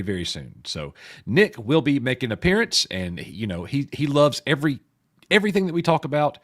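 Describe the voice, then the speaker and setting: A man hosting a casual live stream with a rough, hoarse voice, greeting viewers by name in a chummy way. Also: medium pitch. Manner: lively, chummy, reads chat names aloud.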